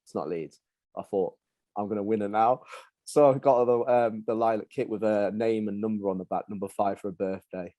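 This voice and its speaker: A man's voice: lowish voice, fairly quick, dark tone. A man hosting a podcast, chatting in an upbeat, matey way, with a mixed Midlands and Yorkshire accent from growing up in Lincolnshire. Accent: mixed English Midlands and Yorkshire. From Lincolnshire, England. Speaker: podcast host. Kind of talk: casual chat.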